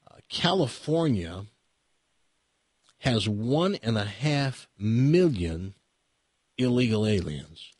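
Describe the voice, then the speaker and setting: A man's voice: lowish voice, sing-song, takes it slowly, long pauses, darkish tone, breathy edge, dry recording, studio quality. A man with an American accent hosting a talk radio show, opinionated and rambling, with many restarts and fillers. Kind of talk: casual talk radio monologue. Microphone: studio microphone.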